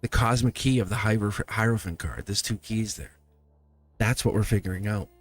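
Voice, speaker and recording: A man's voice: on the low side, moderate pace. A man giving a live tarot reading to his viewers, talking animatedly, acting out quoted voices and laughing often. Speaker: tarot reader.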